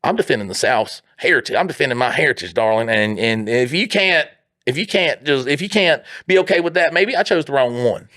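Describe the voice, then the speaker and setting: A man's voice: medium pitch, lively intonation, fairly quick, sharp tone, voice pushed up. A man putting on a proud Southern war reenactor. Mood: defiant. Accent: Southern American.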